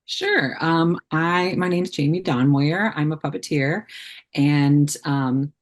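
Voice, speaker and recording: A woman with a low-pitched voice talks casually as a podcast guest. She wanders through her answers with frequent ums and false starts. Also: slow pace. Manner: chatty, many fillers and restarts. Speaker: puppeteer guest. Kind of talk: casual interview chat.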